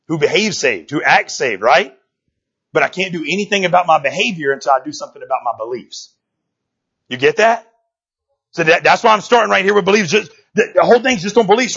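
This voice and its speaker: A man's voice: high voice, fairly bright tone, husky, dull audio. A man preaching a casual sermon in a church, talking in a folksy, joking way and often asking "right?". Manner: conversational, keeps asking "right?".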